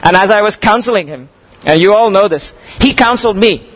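A man preaching a sermon to a congregation, speaking emphatically, slowing down on key phrases and putting questions to his listeners. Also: high-pitched, animated, fairly bright tone, rough recording.

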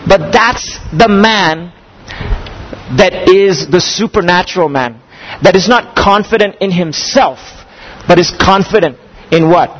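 A man preaching a sermon to a congregation, speaking emphatically, slowing down on key phrases and putting questions to his listeners. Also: high-pitched, fairly bright tone, poor audio.

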